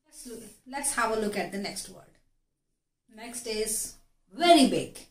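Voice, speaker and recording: A woman with an Indian English accent teaching an English vocabulary lesson, explaining slowly and repeating key words. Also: on the high side, expressive. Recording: echoey room.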